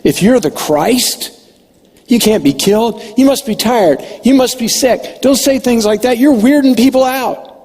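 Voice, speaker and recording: A man's voice: very high voice, unhurried, darkish tone, in a large hall, pitched above the performer's own voice. A man putting on an indignant scolding apostle. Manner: exasperated, lecturing. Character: indignant male apostle scolding his teacher.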